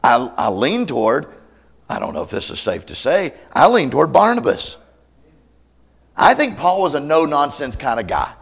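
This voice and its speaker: Animated man preaching a conversational sermon. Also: a little high, normal speed, gravelly, slightly rough. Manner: conversational, acts out quoted voices; candid, self-deprecating humor. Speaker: pastor. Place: church camp meeting.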